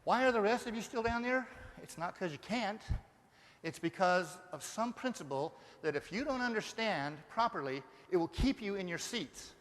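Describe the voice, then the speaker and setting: Guy doing a live motivational talk, kinda high voice, lots of questions to the crowd. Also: normal speed. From Denver, Colorado. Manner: energetic, rhetorical questions to the crowd. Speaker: motivational speaker. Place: large seminar hall. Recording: long reverb of a live hall.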